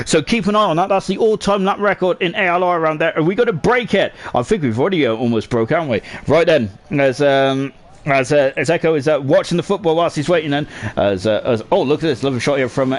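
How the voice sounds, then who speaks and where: A young man with a high, light voice calls a sim race live. He rambles cheerfully, leans on fillers and keeps tagging his lines with little questions. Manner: chatty, ends lines with tag questions, many fillers. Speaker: sim racing commentator.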